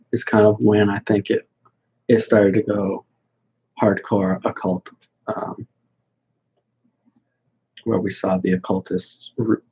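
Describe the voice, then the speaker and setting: A man's voice: lowish voice, a little mellow, slightly rough, highs cut off. A man hosting a casual livestream and answering viewer questions in a blunt, dismissive way, rambling with many fillers.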